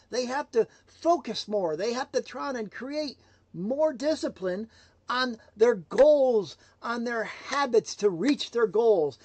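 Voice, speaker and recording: A man giving a motivational livestream talk, emphatic and swinging between loud declarations and hushed asides. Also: very high voice, dry recording. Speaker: motivational speaker.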